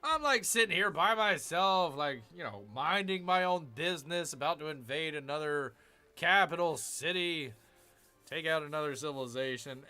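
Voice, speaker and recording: Bright, lively man grumbling through a game. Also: a little high, normal speed, faint music behind. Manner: jokey, grumbling, mock growls. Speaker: gaming channel host. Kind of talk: casual strategy game commentary.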